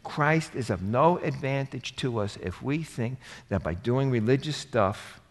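A man preaching a sermon, animated and emphatic, rising to forceful bursts. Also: mid-range voice, measured pace. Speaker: pastor. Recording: reverberant hall.

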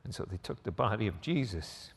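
A man preaching a sermon in a relaxed, conversational way, acting out quoted lines with sarcastic voices. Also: on the low side, fairly quick, vocal fry, slightly rough, long reverb tail. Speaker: pastor.

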